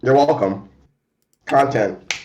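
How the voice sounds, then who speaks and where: A man's voice: mid-range voice, slow pace, warm tone, highs cut off. A man in his thirties co-hosting a casual podcast chat, joking, laughing often and restarting his sentences. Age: 30s. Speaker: co-host.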